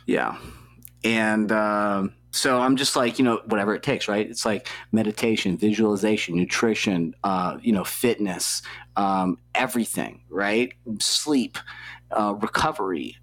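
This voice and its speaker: A man's voice: on the low side, a little slow, fairly bright tone. A young man, an athlete guest in an interview, telling a story in a casual, rambling way, swearing freely and leaning on filler words. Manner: profane, loose, heavy on filler words.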